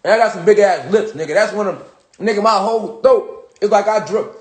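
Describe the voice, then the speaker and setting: Sitting high and fairly quick, the man's voice carries a darkish tone. He's a spiritual teacher giving a casual, meandering lesson at home, swearing and saying "you know what I'm saying" over and over, recorded with a roomy echo.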